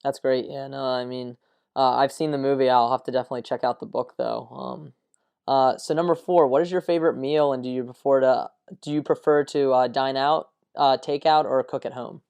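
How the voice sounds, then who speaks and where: A man's voice: mid-range voice, steady tone, a little fast, gravelly, a little mellow, clear, resonant tone. A man hosting a sports podcast, asking questions in a friendly way with lots of fillers. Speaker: podcast host. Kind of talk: casual interview chat.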